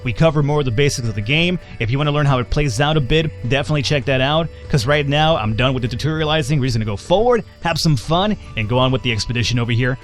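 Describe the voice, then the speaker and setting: A man's voice: medium pitch, expressive, quick pace, hardly any pauses, soft background music. A man hosting a let's play, giving casual gameplay commentary in a chatty, self-deprecating way as he thinks aloud.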